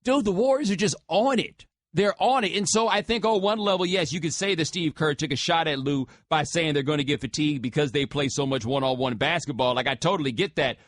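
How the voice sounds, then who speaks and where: A man's voice, a bit high for a man, speaking into a dry studio microphone with no room sound. He hosts a sports radio call-in show and talks loose and slangy, addressing callers directly. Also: fairly quick, hardly any pauses, dry recording.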